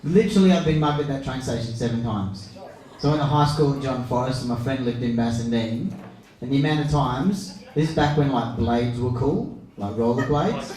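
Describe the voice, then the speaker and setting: On stage in a pub function room, a young male MC hosts a comedy night, teasing the crowd in a brash, foul-mouthed bit of stand-up crowd work. He talks at normal speed in a mid-range voice, captured from afar in an echoey room with the audience audible.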